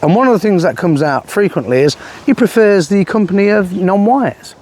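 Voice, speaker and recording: A man's voice: high-pitched, expressive, normal speed, darkish tone. A man giving a sarcastic political commentary monologue, scornful and rambling with many fillers.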